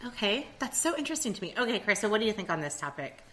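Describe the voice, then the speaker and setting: Bright-voiced woman podcast host. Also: medium pitch, racing, a little hiss or hum. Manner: questioning, animated storyteller. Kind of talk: casual chat, leading discussion.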